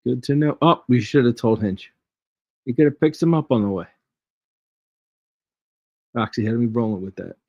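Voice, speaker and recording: A man's voice: mid-range voice, moderate pace, long pauses, dark tone, no room sound. A man hosting a casual live trading stream, chatty and jokey, chuckling as he reads charts aloud. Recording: dry, dull lo-fi stream audio.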